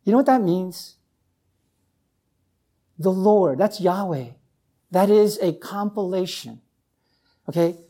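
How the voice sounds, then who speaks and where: A man's voice: expressive, takes it slowly, long pauses. Emphatic preaching man. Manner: emphatic preaching, rising to near shouts and dropping low; repeats phrases, asks the congregation "right?". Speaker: pastor. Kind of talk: sermon.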